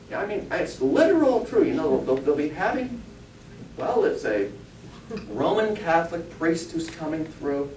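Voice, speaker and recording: A man, a spiritualist pastor and medium, giving a conversational sermon, joking and asking the congregation rhetorical questions. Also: a little mellow. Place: church hall. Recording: echoey church, mic far off, faint rumble.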